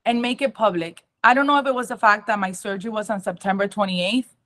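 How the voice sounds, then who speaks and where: Young woman telling her story, halting. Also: medium pitch, a bit bright. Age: young adult. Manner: emotional, halting, with frequent ums and restarts. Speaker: speaker at an awareness talk. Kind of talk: personal testimony.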